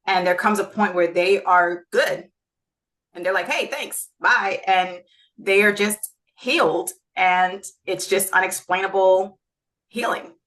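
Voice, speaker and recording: A woman's voice: medium pitch, a bit bright. A woman hosting a podcast, asking long rambling questions and often searching for her words. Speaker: podcast host. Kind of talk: casual interview questions.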